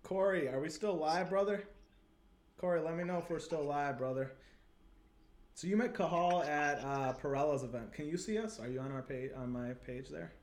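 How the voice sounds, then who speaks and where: Upbeat and talkative, a man in Santa Monica, Los Angeles hosts a casual webcam livestream for his viewers, using many fillers. He speaks at normal speed in a voice on the high side.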